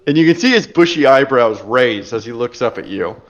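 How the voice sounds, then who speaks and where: A man narrating a tabletop role-playing game as game master, in a relaxed, chatty way. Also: mid-range voice, brisk, muffled recording. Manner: relaxed and chatty, laughs easily.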